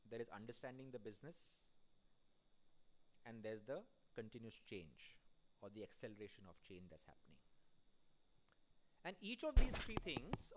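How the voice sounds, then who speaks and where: A man giving a conference keynote in a conversational way, putting questions straight to the audience in the hall. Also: mid-range voice. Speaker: keynote speaker at an audit conference.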